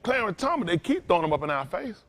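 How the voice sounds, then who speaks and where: Preaching man, emphatic and loud. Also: high voice, very animated, fast talker. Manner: loose, emphatic, rising to loud bursts. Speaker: pastor. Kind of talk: preaching to a congregation.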